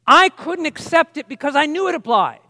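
A man with a very high speaking voice teaches a sermon in a relaxed, conversational way, stopping for asides and reading quotations with emphasis. The voice sounds close and dry, yet a long reverb lingers behind it as in a large hall. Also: a little fast. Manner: conversational, explains with asides and reads quotes emphatically. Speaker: preacher.

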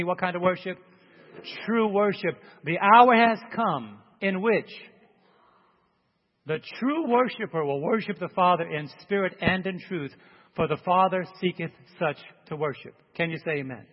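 A man preaching a sermon in a high voice that climbs to emphatic peaks and drops for prayer. He calls out for amens from the congregation. The sound carries a long hall reverb and a dull, muffled tone. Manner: call-and-response, rising to emphatic peaks then praying softly.

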